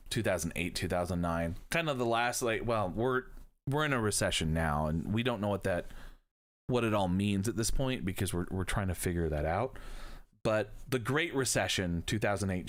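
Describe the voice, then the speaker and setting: A man teaching history on a live stream, talking in a casual, jokey way and swearing now and then. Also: fairly low pitch. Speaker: history professor.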